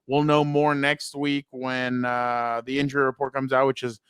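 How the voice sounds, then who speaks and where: A man's voice: medium pitch, little pitch movement, normal speed, a bit bright, clear, resonant tone, no echo. A man co-hosting a sports podcast, chatting casually and rambling with lots of fillers and restarts.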